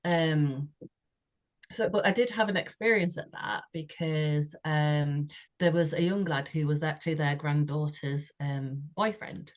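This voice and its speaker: A woman's voice: low-pitched, measured pace. A woman, a podcast co-host telling a personal story in a chatty way, often laughing and saying "you know". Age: 60s.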